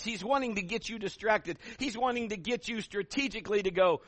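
A middle-aged man preaching a sermon as pastor, telling stories and acting out voices, building to loud emphatic peaks. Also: sits high, lively intonation, fairly quick, few pauses, no echo.

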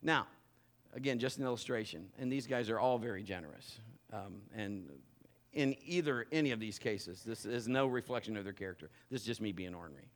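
A man preaching a sermon from a church stage, telling a teasing, animated story and joking with the people he calls up. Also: lowish voice, a little fast. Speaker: pastor. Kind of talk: sermon with a live demonstration. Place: church stage before a congregation.

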